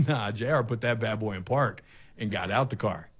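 A man's voice: lowish voice, normal speed. A middle-aged man hosting a talk show, telling a story with energy and acting out the confrontations. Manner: animated storyteller, acts out confrontations. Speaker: radio host.

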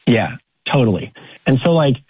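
Man, hesitant, halting, on a radio show, lively pitch, dry lo-fi sound. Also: husky, no room sound. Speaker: caller. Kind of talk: casual phone chat.

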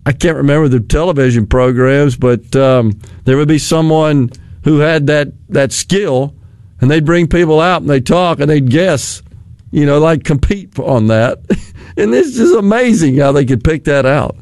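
A man's voice: fairly high pitch, animated, moderate pace, a little mellow, no room sound. An older man with a Southern American accent, chatting casually, rambling and chuckling as he loses his thread. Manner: rambling, chuckles often, trails off mid-thought. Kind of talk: casual chat.

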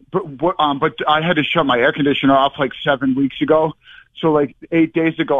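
A man's voice: a little high, no echo. A man calling in to a radio show, telling a rambling, breathless story over the phone. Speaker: caller. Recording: tinny phone line.

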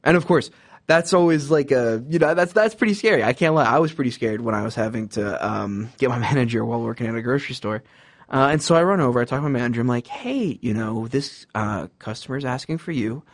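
This podcast host, a young man, talks fast in a mid-range voice, recorded dry with clean studio sound. His casual monologue offers customer service job advice, full of fillers, rambling, and acted-out quotes from customers and bosses.

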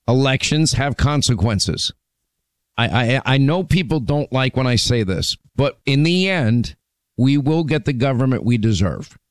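A man's voice: medium pitch, smooth, no echo. Emphatic male talk radio host. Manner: emphatic, lists points, frequent restarts.

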